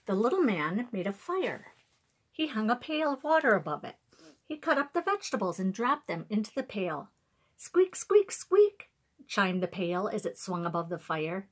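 A woman reading a picture book aloud to children with an expressive, animated delivery. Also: mid-range voice, moderate pace, husky. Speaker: storyteller for children. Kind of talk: children's story read-aloud.

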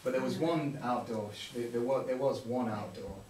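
A man's voice: medium pitch, moderate pace, darkish tone, slight background noise. A man, director and actor of the film, talking casually at a Q&A, rambling and restarting, laughing often. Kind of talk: casual Q&A talk. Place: theatre hall with audience. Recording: echoey room from far off with audience.

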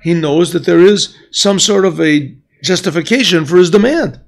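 Gravelly man giving a yeshiva lesson. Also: high voice, animated, moderate pace, few pauses. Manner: questioning, mixes Hebrew phrases, clears throat often. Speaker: rabbi teaching Chassidus. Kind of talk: yeshiva class lecture. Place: yeshiva classroom.

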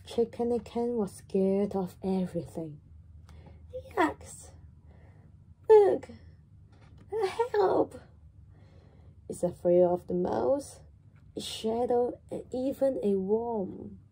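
A woman reading a children's story aloud in a slow, animated, sing-song way. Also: medium pitch, slightly rough.

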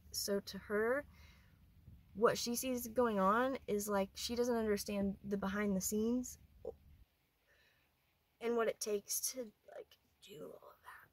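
A woman vlogger talking earnestly through a personal story, rambling and often dropping to a quiet voice. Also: mid-range voice, dry recording, rough recording.

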